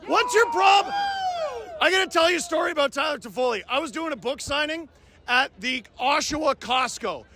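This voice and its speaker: A man in his thirties, a hockey fan commentator, delivering a loud, yelling rant. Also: very high-pitched, animated, a little fast, a little hiss or hum.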